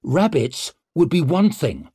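A proud young commander, as a narrator puts him on, speaking with raised, indignant authority. The voice sits higher and louder than the storyteller's own, clipped and demanding. It has a slightly husky grain, heard close and dry. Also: male voice, sing-song, takes it slowly, dry recording, heavily acted. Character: brash young male noble commander, haughty.

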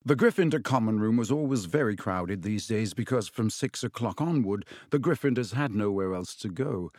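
A man narrating an audiobook in an even, measured storytelling manner. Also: on the low side, no echo, clean studio sound.

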